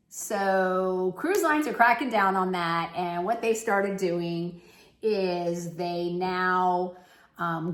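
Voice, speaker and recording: Chatty woman telling cruise stories, echoey. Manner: chatty, animated, jumps to high pitch for quoted people. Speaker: cruise travel vlogger. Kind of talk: casual storytelling.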